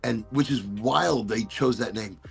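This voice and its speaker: A man's voice: medium pitch, a little slow, creaky, loud music behind the voice. A man co-hosting a casual podcast chat, rambling and often trailing off mid-sentence. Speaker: podcast co-host.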